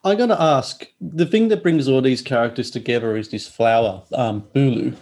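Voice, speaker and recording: A man's voice: medium pitch, normal speed, darkish tone. A man interviewing a filmmaker, asking questions hesitantly with many fillers.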